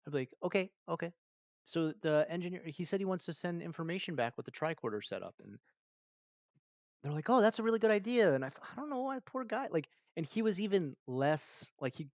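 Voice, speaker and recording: A man's voice: mid-range voice, no echo, muffled recording. A man chatting casually on a live stream, rambling through a story with many fillers and acting out other people's lines. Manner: rambling, animated, many fillers, acts out quotes. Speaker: streamer answering viewer questions.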